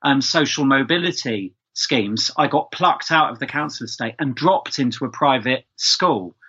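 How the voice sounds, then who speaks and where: Here the London guest speech expert is heard mid-range, with lively intonation, a sharp, slightly rough tone and normal speed. He talks chattily in this casual podcast conversation, full of fillers and restarts, and the sound is lo-fi.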